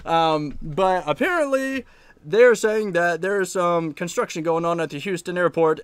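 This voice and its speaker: A man tells a travel story on a live stream from his own room. His voice sits a little high and sounds close and dry, with no room echo. He rambles and laughs, talking casually to his viewers. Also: a little slow, clear, resonant tone. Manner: rambling, animated, laughs often. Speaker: arcade channel host.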